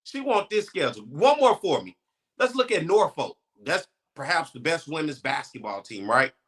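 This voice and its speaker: A male co-host on a sports talk show pushes back skeptically on a coach's reasoning. His voice is high and animated. It has a bright edge. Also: normal speed. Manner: argumentative, skeptical.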